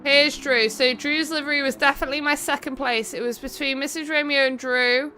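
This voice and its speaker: Sharp in tone and high in pitch, her intonation stays fairly even, with slight background noise present. She's an English-accented woman from England streaming and hosting an online racing event, chatty and quick in her commentary, addressing viewers by name.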